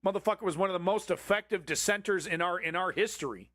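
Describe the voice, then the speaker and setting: A man's voice: high-pitched, fast, bright, forceful tone, no echo, clean studio sound. A man hosting a livestream, reacting to a political clip with angry, profanity-filled ranting. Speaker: livestream host.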